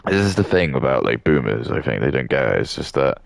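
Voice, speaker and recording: A man's voice: extremely low pitch, very animated, fairly quick, creaky, dry recording. A young man with a southern English accent, rambling in a casual monologue full of fillers and restarts. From southern England. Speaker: streamer.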